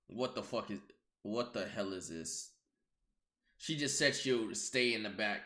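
A young man streaming a casual reaction to a video, excitable and quick to swear and burst out laughing. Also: on the low side, reverberant.

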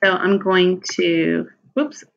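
A woman talks through a software tutorial in a relaxed, unhurried way, pausing on fillers and fixing her own slips as she goes. Her voice sits a little low for a woman. The recording is dull and lo-fi, like a basic screen-capture mic. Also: creaky. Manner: relaxed, thinking aloud with ums and self-corrections. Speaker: teacher giving a software tutorial.

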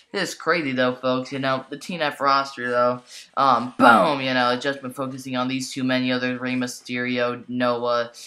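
A woman with a very deep voice narrates a toy wrestling match as excitable mock play-by-play at normal speed. She keeps exclaiming and addressing the folks watching.

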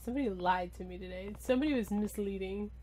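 A woman's voice: mid-range voice, quick pace, dark tone, slight background noise. Teasing woman chatting beside a gamer. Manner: joking and teasing, laughs often. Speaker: co-host watching the game. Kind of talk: casual chat.

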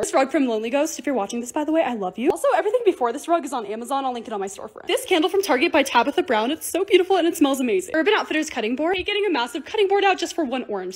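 A woman's voice: high voice, a little hiss or hum. A young woman narrating her home projects and shopping hauls in a chatty, bubbly vlog voice-over. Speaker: lifestyle vlogger.

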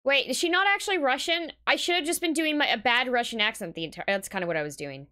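A woman's voice: sits high, animated, fast, pushed and bright, clean tone. A woman streaming a game, chatting casually and giggling as she greets viewers. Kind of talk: casual live-stream chat. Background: music.

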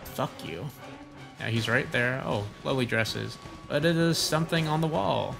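Gravelly young man cracking crude jokes. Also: mid-range voice, normal speed, over music. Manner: crude, sarcastic, joking reactions. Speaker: gaming voice-over streamer. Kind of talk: casual let's-play commentary.

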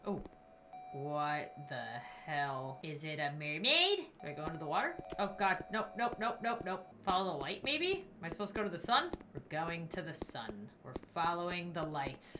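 Young woman, let's-play host, lively up-and-down voice, jumpy exclamations, game music behind. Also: fairly low pitch, moderate pace. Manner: jumpy, exclaims and talks to viewers. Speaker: gaming video host.

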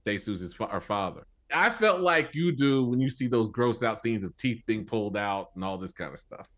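A man's voice: on the low side, animated, normal speed, fairly bright tone. A man co-hosting a film review podcast, talking casually and earnestly in long running sentences. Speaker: podcast co-host.

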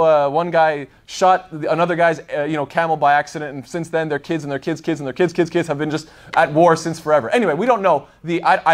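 A man giving a casual religious lesson, rambling and thinking aloud with plenty of fillers as he tells the story. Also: a little high. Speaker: Islamic lecturer. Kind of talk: casual explanatory talk.

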